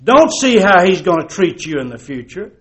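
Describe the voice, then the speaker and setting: Preacher with dramatic swings. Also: male voice, high-pitched, sing-song, normal speed. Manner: preaching with dramatic swings from loud emphasis to hushed tones; folksy storytelling with repeated rhetorical questions. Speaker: pastor. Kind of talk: sermon.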